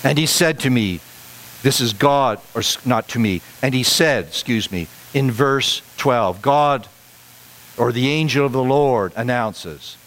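A middle-aged man preaching a sermon, emphatic and repetitive, pushing his voice higher on the key points. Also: animated, a little slow, fairly bright tone, rough recording. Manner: emphatic, repeats phrases for stress, rising to higher pitch on key points.

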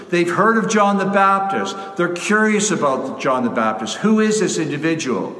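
A man preaching a sermon as pastor, measured and emphatic, repeating key phrases for weight. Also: on the high side, fairly bright tone. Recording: echoey hall.

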